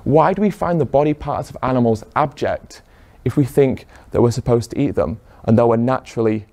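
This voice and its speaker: Addressing an audience directly, a man makes a persuasive case and keeps posing rhetorical questions to the room. His voice is medium in pitch, brisk and a little mellow.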